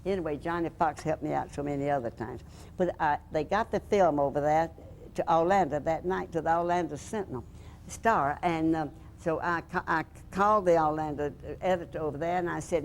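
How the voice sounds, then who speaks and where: Low-voiced older woman telling stories. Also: a little fast, creaky, a little hiss or hum. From Alabama, USA. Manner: lively storyteller who acts out the voices in her anecdotes. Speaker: interviewee, former radio host and reporter. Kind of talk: storytelling reminiscence.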